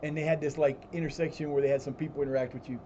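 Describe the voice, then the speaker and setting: A man spins long, rambling stories on a live stream, his voice mellow and darkish. He restarts sentences often and swears freely. The audio is slightly dull, with a faint hiss behind him. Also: fairly high pitch, flat delivery, very fast. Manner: baby talk to his cat. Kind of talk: casual storytelling while gaming.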